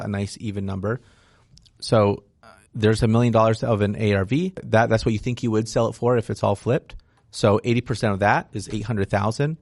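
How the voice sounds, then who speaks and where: Brief: man, lowish voice, dry close sound, frank investor guest explaining deals in a casual interview. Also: no room sound. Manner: frank, explanatory, peppered with "right?". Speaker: real estate investor guest.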